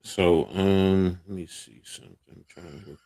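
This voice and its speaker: A man's voice: sits low, fairly even intonation, moderate pace, dark tone. A man co-hosting a live basketball stream, keeping a laid-back manner with lots of agreeing murmurs while he reads out the chat. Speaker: co-host reading the live chat.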